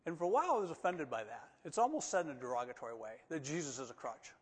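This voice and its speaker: A man preaching a sermon in a church, animated, swinging from loud emphatic lines to soft, coaxing asides. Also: fairly high pitch, racing, breathy edge. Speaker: pastor. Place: church sanctuary. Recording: long reverb of a church hall.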